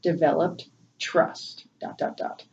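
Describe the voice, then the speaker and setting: A woman giving a casual spiritual tarot reading, gentle and emotional, laughing often. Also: slow. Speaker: tarot reader. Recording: distant, dull low-fi mic with faint noise.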